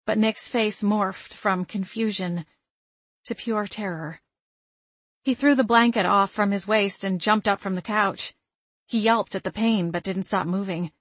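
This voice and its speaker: A woman reads a first-person novel aloud with an expressive, emotional delivery. Her mid-range voice sits close and dry on the mic, with almost no room sound. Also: mid-range voice, no echo. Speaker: audiobook narrator.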